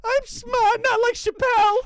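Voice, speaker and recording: A man putting on the voice of a whiny man insisting he is smart, in a shrill falsetto and an indignant, pleading manner. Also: fairly even intonation, measured pace, fairly bright tone, dry recording, clean studio sound. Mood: indignant whine.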